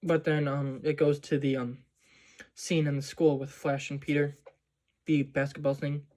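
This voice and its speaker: Male movie vlogger, slightly higher voice, rambling casual recap full of fillers. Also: little pitch movement, moderate pace, darkish tone.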